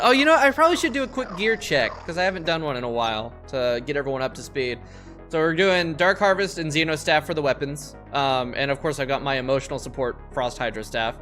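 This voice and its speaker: A young man talks through his game in a loose, rambling way, swearing often as he goes. His voice sits a little high for a man. Game music plays clearly behind him. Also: fairly bright tone. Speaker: streamer. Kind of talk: casual gameplay commentary.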